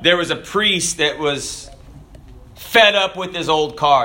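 A man preaching a sermon. He tells a joke in storyteller fashion, then reads scripture, often letting his voice fall low and soft at the ends of lines. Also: takes it slowly. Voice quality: dramatic drops in pitch and volume at line ends.

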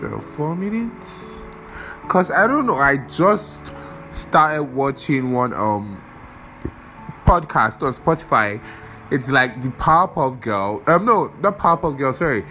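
A man's voice: medium pitch, expressive, slow pace, sharp tone, soft background music, low-quality recording. A young man hosting a podcast, rambling casually, swearing often and losing his train of thought while he has a cold. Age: young adult. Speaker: podcast host.

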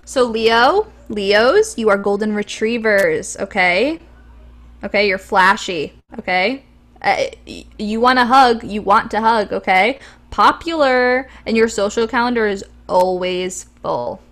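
A woman's voice: mid-range voice, measured pace, fairly bright tone. A young woman co-hosting a podcast, chatting casually and enthusiastically with frequent ums. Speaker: podcast co-host. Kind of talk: casual chat.

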